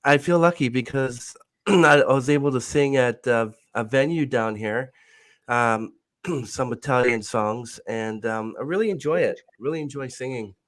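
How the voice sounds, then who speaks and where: Man, podcast host, halting, apologetic, clears throat, recovering from bronchitis. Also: mid-range voice, a bit bright. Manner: halting, apologetic, restarts often. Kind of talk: casual interview questions.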